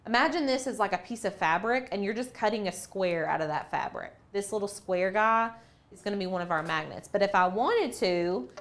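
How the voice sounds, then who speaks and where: A woman's voice: medium pitch, animated, fairly quick, fairly bright tone. A woman hosting a casual craft tutorial, chatty and playful, thinking aloud as she works through each step. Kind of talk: casual screen-share tutorial.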